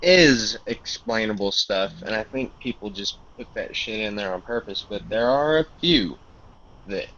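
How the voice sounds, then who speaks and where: A man's voice: on the low side, measured pace, a little hiss or hum. A man telling a story in a casual group voice chat, acting out quoted dialogue. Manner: animated, acts out quoted dialogue. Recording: dull lo-fi voice chat audio.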